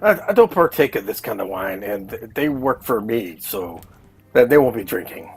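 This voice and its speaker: A man's voice: on the low side, very animated, moderate pace, breathy edge, faint music behind. A man playing a tabletop game who speaks hesitantly and often stammers while in character. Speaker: player.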